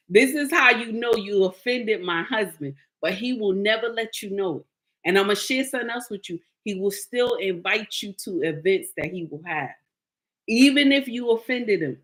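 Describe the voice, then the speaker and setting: A woman vlogging casual commentary, telling stories in an animated, emphatic way. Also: mid-range voice, moderate pace.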